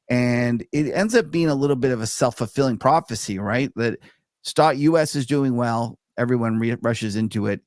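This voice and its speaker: A man with a gravelly, mid-pitched voice co-hosts a podcast, chatting casually about markets. He rambles through fillers and laughs easily. The sound is dry and close. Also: darkish tone, no room sound. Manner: loose, filler-heavy talk, laughs easily. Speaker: podcast co-host.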